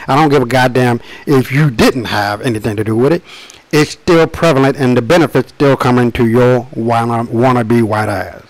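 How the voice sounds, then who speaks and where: A man presenting his own book in a rambling monologue, emphatic and profane, often slowing to drag out his words, with frequent restarts and asides. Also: medium pitch, dry recording, low-quality recording. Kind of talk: rambling direct-to-camera monologue.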